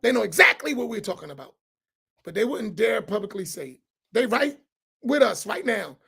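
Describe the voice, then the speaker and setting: Man preaching loud and pushy, real high gravelly husky voice, keeps repeating himself. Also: sing-song, normal speed. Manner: loud, challenging, repeats phrases for emphasis. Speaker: imam on a roundtable. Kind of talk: impassioned preaching to an audience.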